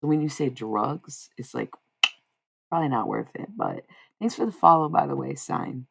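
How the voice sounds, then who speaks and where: A woman's voice: a bass voice, very animated, normal speed, gravelly, noisy background. An American woman in her thirties chatting casually and wryly with her live stream chat, rambling and swearing. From United States.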